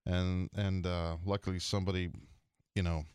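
A man on a radio golf show spinning a story, lively and acting out the voices of the people in it. His voice sits a little low, and the studio sound is dry and close. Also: normal speed, clean tone, no echo. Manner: animated storyteller doing character voices. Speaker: golf radio show regular, tour pro. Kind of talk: casual storytelling chat.

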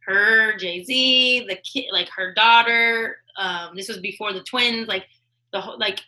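Bright-voiced woman telling stories. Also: mid-range voice, unhurried, rough recording. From United States. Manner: animated, acts out quoted voices, laughs often. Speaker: guest, music executive. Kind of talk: casual interview storytelling.

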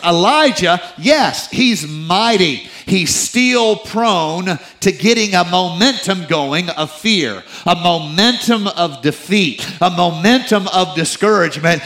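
In this low-quality recording, a middle-aged pastor preaches with lively intonation, taking his time yet hardly pausing. He alternates between booming emphasis and hushed, intimate remarks, joking at his own expense and teasing his listeners.

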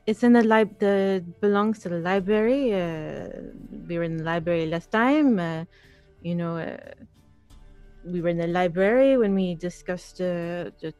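A woman playing a tabletop game, talking haltingly with many fillers. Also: fairly low pitch, a little mellow, smooth, dry recording, soft background music. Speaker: player. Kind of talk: tabletop role-play chat.

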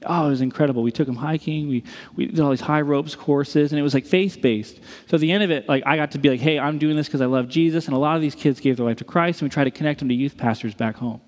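A man in his thirties, a pastor preaching a sermon, telling stories in an animated way and acting out the people in them. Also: fairly high pitch, fast. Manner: animated storytelling with quoted voices. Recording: reverberant hall.

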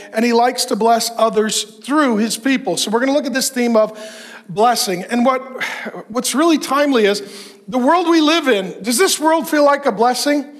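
Emphatic high-voiced male preacher. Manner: emphatic, rhetorical questions, lists. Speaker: pastor. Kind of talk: sermon to men.

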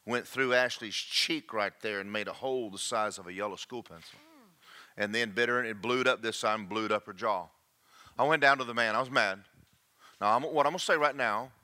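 An older man preaching a sermon, swinging between hushed asides and slow, emphatic lines. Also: lowish voice. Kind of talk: sermon with personal testimony.

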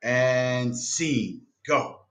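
A man's voice: medium pitch, drawn-out words, fairly bright tone. A man co-hosting a casual group chat, teasing and joking with his friends.

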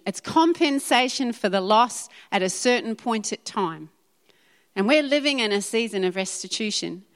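A woman preaching a sermon to a church congregation, emphatic and animated, repeating her points and speaking directly to the audience. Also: high voice. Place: church hall. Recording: reverberant hall.

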